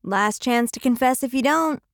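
Teasing young woman as a male narrator puts her on, high and soft, dry close sound. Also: normal speed, no echo. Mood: playful. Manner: teasing, giggly. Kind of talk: audiobook character voice.

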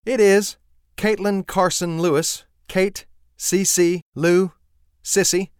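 A man's voice: high voice, fairly even intonation, slow, clean tone, no echo, studio quality, pitched above the performer's own voice. A man voicing a confident, friendly woman, speaking in a breezy, teasing way in an audiobook. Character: warm Southern woman mechanic's friend, confident. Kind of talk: audiobook character voice.

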